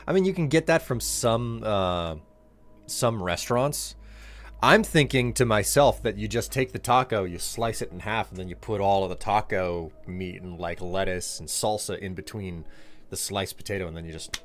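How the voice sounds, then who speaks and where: A man's voice: lowish voice, normal speed, faint music behind. A man streaming live, chatting casually, rambling and joking as he reads his chat.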